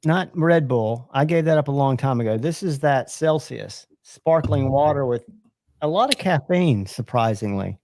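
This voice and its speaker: A man's voice: medium pitch, expressive, normal speed, noisy background. A man hosting a late-night live stream, chatting casually and rambling about knives and his day. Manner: rambling, chatty, trails off and restarts. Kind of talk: casual knife chat.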